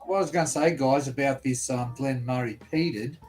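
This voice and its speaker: A man's voice: medium pitch, moderate pace, a little mellow, soft background music. An Australian man on a casual whisky livestream, rambling and thinking aloud.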